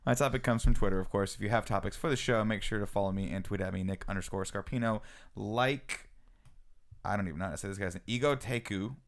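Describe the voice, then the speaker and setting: Man, podcast co-host, lowish voice, rapid-fire, jokey riffing. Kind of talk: casual chat.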